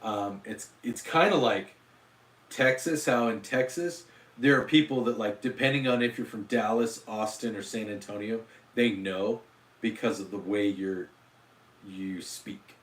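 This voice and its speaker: A man's voice: on the low side, measured pace, far from the mic. A man hosting a casual livestream, rambling and self-deprecating, with lots of fillers and restarts. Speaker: livestream host. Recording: roomy echo.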